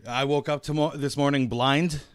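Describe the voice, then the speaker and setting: A man's voice: mid-range voice, steady tone, normal speed, clear, resonant tone, dry recording. A man co-hosting a podcast, chatting loosely and bantering. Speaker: podcast co-host. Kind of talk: casual chat.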